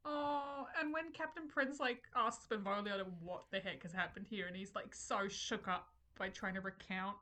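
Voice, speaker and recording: A woman with a bright, sharp-edged voice co-hosts a relaxed film chat. She gushes about favorite scenes with clear enthusiasm. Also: mid-range voice, moderate pace, few pauses. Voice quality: enthusiastic and gushing. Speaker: podcast co-host. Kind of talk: casual film discussion.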